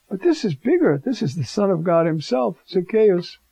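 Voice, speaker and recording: A man's voice: high-pitched, normal speed, vocal fry, hardly any pauses, slightly rough, no room sound. A man preaching a conversational homily, animatedly acting out the scene he tells. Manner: animated, acts out the Gospel scene in voices. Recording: dull, lo-fi recording.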